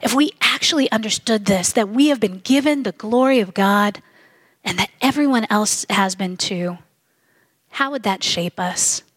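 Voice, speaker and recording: A woman's voice: mid-range voice, a bit bright, no echo. Earnest woman preaching, dry close sound. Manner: earnest, measured, slows for emphasis. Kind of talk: sermon.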